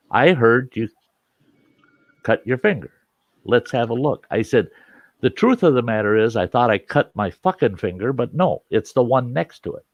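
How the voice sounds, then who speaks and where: A man casually telling a rough personal anecdote, acting out what people said. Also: medium pitch, no room sound. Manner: animated anecdote with acted-out quotes. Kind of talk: casual storytelling.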